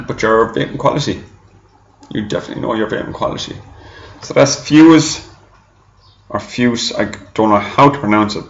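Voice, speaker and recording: A man's voice: lowish voice, echoey room, highs cut off. A man giving a chatty, rambling product review to camera, often repeating himself. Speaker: e-liquid reviewer.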